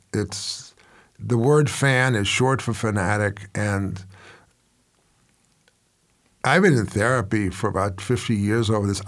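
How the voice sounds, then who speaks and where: An older man in his seventies hosting a commentary show, telling stories in a rambling, wry and self-mocking way. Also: medium pitch. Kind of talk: casual storytelling commentary.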